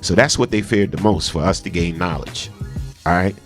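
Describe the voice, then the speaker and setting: A male host with a low voice drives his points home on a call-in show. He builds each argument step by step with firm emphasis. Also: moderate pace, faint music behind. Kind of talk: call-in radio talk.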